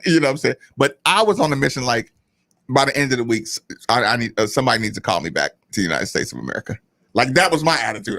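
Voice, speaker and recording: Animated laughing male radio co-host. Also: mid-range voice, fast talker, no room sound. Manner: animated, laughing storyteller who acts out quotes. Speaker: radio co-host, former basketball player. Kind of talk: casual sports radio storytelling.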